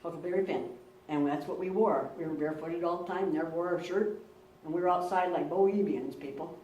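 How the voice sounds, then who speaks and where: A woman's voice: lowish voice, fairly quick, mellow, dull audio, slight background noise. A woman pastor giving a sermon, telling personal stories earnestly and repeating words for emphasis. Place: church. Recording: roomy church, recorded from a distance.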